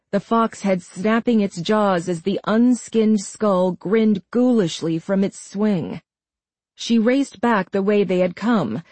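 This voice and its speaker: A woman narrating a horror story in a steady, dramatic storytelling manner. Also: mid-range voice, dry recording.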